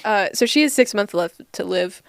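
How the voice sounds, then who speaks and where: A woman's voice: medium pitch, lively intonation, moderate pace, gravelly, dry recording, clean studio sound. A woman co-hosting a podcast in a casual movie review chat, laughing often as she pokes fun at a film. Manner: laughs often, mocking and playful. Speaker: podcast co-host.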